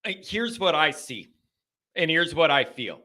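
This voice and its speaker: A man hosting a live call-in show, chatting casually and thinking out loud with many restarts. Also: a little high, sing-song, a little slow. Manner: folksy, talks straight to the chat. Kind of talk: casual live-stream chat.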